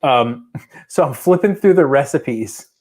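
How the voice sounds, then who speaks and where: A man's voice: mid-range voice, animated, unhurried, a little mellow. A man co-hosting a podcast in casual, joking chat, telling playful stories. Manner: jokey, playful storytelling. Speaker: podcast co-host.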